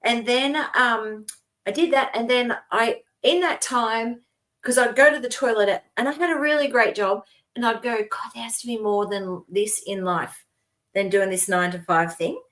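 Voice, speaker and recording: A woman's voice: fairly high pitch, moderate pace, a bit bright. A middle-aged Australian woman co-hosting a casual podcast, telling personal stories in a rambling way with frequent laughs. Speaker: co-host.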